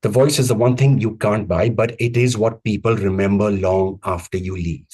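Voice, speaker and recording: A man giving a live online coaching talk on vocal presence, speaking emphatically with repeated phrases and deliberate pauses. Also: lowish voice, steady tone, darkish tone, husky. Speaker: communications coach. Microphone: video call.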